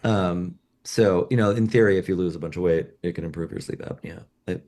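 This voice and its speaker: A man, a journalist being interviewed, who talks haltingly with many restarts and "you know"s. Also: low voice, warm tone. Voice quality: scratchy voice. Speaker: journalist guest. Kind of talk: conversational interview.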